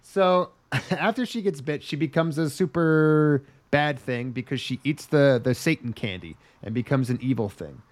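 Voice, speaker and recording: A man's voice: fairly high pitch, moderate pace. A man co-hosting a podcast, recapping an anime in casual, joking, profane chat. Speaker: podcast co-host reviewing an anime.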